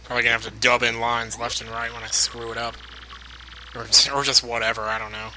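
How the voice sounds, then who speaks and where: A man's voice: mid-range voice, completely flat delivery, fast, sharp tone, slight background noise, poor audio. A man commentating a video game playthrough, reading the story text aloud with tired, wry asides. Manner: weary, wry asides between read-outs. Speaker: let's play commentator.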